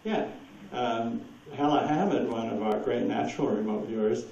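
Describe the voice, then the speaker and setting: A man's voice: mid-range voice, normal speed, mellow, recorded from a distance, a little hiss or hum. A man telling anecdotes at a presentation and taking audience questions, rambling and chuckling often as he acts out quoted voices. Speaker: speaker at a presentation. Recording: dull echoey hall recording from afar.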